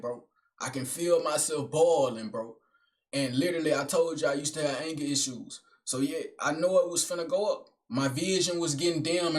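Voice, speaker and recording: A young man with a slightly high voice tells a personal story in a loose, casual way. He talks bluntly, swears freely, and keeps calling the listener bro, gang and son. His delivery is street slang and unscripted. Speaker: vlogger telling a personal story.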